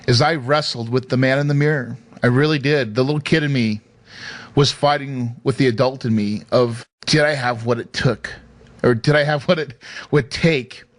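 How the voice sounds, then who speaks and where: Speaking into a studio mic with no room sound, a man with a mid-range voice hosts a podcast and shares a personal story. He's emphatic and emotional, breaking into frequent laughter.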